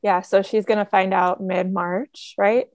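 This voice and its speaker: Speaking a little slowly in a medium-pitched voice, this podcast co-host chats in a relaxed, encouraging, conversational manner. The studio recording is clean with no echo.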